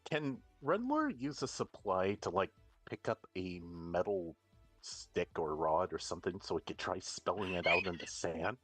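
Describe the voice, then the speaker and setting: A man playing a tabletop game, slow and deliberate, thinking out loud. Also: deep voice, very animated, soft background music. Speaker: player.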